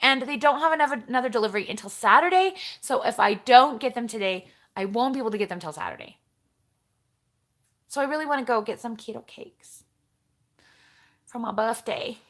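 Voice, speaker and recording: A woman's voice: on the high side, expressive, a little fast, pauses often, fairly bright tone. A woman hosting a casual live stream, chatting in a rambling way and talking straight to her viewers as she reads their comments. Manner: chatty and rambling, jumps between topics, talks straight to viewers.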